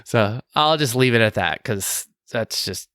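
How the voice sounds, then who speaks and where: A man's voice: mid-range voice, lively intonation, unhurried, fairly bright tone, clean tone, no echo, clean studio sound. A man co-hosting a podcast, talking in a loose, chatty way. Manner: loose and chatty, laughs between thoughts. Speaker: podcast co-host. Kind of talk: casual podcast discussion.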